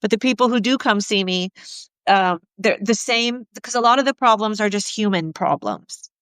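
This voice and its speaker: A middle-aged woman therapist tells frank stories about her clients, her voice smooth and clear. She slips into the voices of the people she quotes as she talks. The sound is dry and close, with no room around it. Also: mid-range voice, moderate pace, dry recording. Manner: candid, animated storyteller acting out quotes. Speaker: sex therapist. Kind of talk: conversational storytelling.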